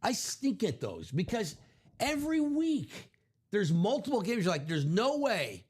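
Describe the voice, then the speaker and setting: Guy hosting a card break stream, kinda high voice, rambles and corrects himself a lot. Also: wildly swooping pitch, moderate pace, a little mellow, husky. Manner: rambling, self-correcting, chuckles at own stories. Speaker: sports card break host. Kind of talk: casual live-stream chat.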